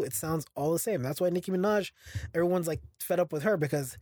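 Male podcast co-host, slightly high voice, opinionated and repetitive, dry close mic. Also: fast talker, darkish tone, dry recording. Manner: opinionated, ranting, repetitive restarts. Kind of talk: casual podcast chat.

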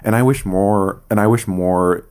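A man's voice: fairly low pitch, a little slow, darkish tone. A man hosting a podcast, effusive and playful as he chats with his guest. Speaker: podcast host. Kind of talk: casual interview chat.

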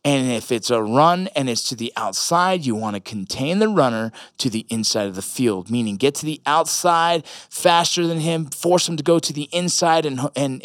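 A man's voice: fairly high pitch, no echo, clean studio sound. A man, a military veteran and father, talking casually in a blunt, profane way with rambling asides. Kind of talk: casual monologue.

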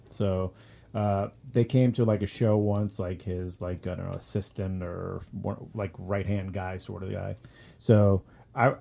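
Male musician guest, dark gravelly voice, rambling anecdotal delivery. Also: on the low side. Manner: rambling anecdotes with many fillers and restarts. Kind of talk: casual storytelling interview.

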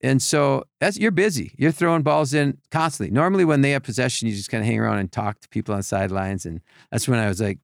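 Gravelly man telling a lively story. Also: mid-range voice, fast talker, few pauses, no room sound, clean studio sound. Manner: animated storyteller, acts out voices, many restarts. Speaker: podcast guest telling stories. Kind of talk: casual storytelling chat.

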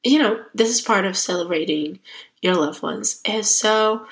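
In an unhurried, medium-pitched voice, a young woman hosts a solo self-growth podcast. Her talk is chatty and heartfelt and grows emotional, and the recording quality is low.

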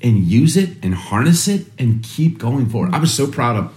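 A man in his thirties telling a family story in casual chat, animated and expressive, sometimes mimicking his young son. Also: mid-range voice, normal speed. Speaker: podcast co-host.

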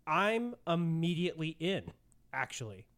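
A man co-hosting a casual movie podcast, giggly and animated, saying "like" constantly. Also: on the high side, measured pace. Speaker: podcast co-host.

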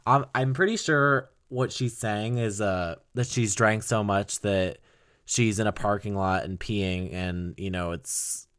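With a low, clean, fairly bright voice and fairly even intonation, a young podcast host speaks unhurriedly. He gushes casually about an album he loves, laughing often and swearing occasionally.

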